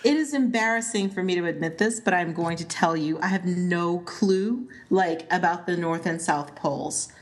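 A woman co-hosting a podcast in casual chat, animated and emphatic, laughing often. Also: lowish voice, moderate pace, hardly any pauses. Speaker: podcast co-host.

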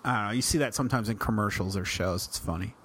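A man's voice: lowish voice, quick pace, a bit bright, breathy edge. A man co-hosting a casual TV recap podcast, rambling with many restarts. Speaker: podcast co-host.

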